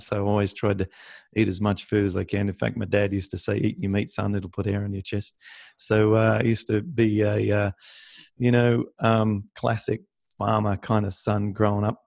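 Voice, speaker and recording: An Australian man speaks as a guest on a podcast, his low voice gravelly and a little rough. He tells his story loosely, full of ums and uhs, in a dry, close recording. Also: darkish tone, no room sound. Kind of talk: casual interview.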